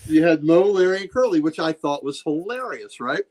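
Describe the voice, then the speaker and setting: A man's voice: fairly high pitch, animated, moderate pace, darkish tone. A middle-aged man hosting a podcast, retelling comic book scenes in casual, enthusiastic chat. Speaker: podcast host.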